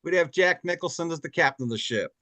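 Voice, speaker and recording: A male stand-up comedian from Chicago, setting up a string of impressions with quick lines. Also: on the high side, lively intonation, sharp tone, no echo. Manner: quick setups between impressions.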